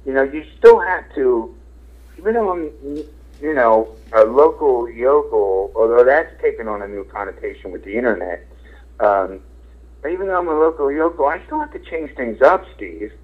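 Frank Philly radio host on a tinny line. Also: male voice, mid-range voice, lively intonation, moderate pace, husky. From Philadelphia. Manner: rambling, frank, swears casually, many fillers. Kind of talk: casual interview talk. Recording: tinny phone-like radio sound.

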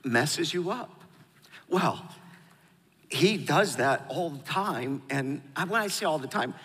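Emotional pastor guy, middle-aged, stumbles and restarts a lot, voicey bright sound with long room echo. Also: on the high side. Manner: emotional, hesitant, many restarts. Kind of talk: interview guest, personal storytelling.

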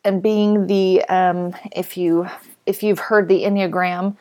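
A woman's voice: lowish voice, little pitch movement, takes it slowly, warm tone. A woman in her thirties hosting a podcast, speaking about her writing in a heartfelt personal monologue, emotional and grateful, with hesitant restarts. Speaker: podcast host and author.

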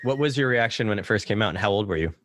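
A man's voice: on the low side, expressive, racing, no echo, clean studio sound. A man hosting a casual podcast, upbeat and playful, talking to a co-host over the internet. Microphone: podcast mic over the internet.

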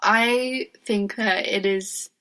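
A woman co-hosting a casual podcast chat, earnest and soft-spoken. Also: mid-range voice, steady tone, extremely slow. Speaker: podcast co-host.

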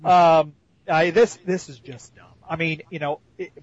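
A man's voice: a little high, fairly even intonation, unhurried, no room sound, highs cut off. A man co-hosting a casual chat, sarcastic and fond of mocking with silly voices. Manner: sarcastic, mocks with put-on voices. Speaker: podcast co-host.

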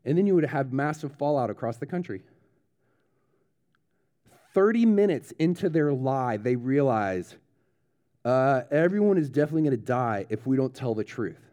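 A man's voice: medium pitch, expressive, moderate pace, pauses often, warm tone. A man preaching a children's sermon in a church service, telling a true story with dramatic build-up and checking in with the kids. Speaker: pastor.

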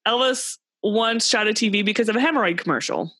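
A young woman hosts a casual chat, telling stories and often giggling as she goes. Her voice is bright and clear. The sound is dry and close. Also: mid-range voice, fast, dry recording. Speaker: podcast host. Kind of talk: casual chat, quiz and storytelling.

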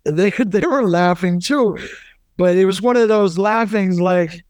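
A man's voice: sits high, a little slow, darkish tone, clear, resonant tone, no room sound, clean studio sound. A man in his thirties co-hosting a podcast, telling stories animatedly with profanity and laughter. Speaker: podcast co-host. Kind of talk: casual storytelling.

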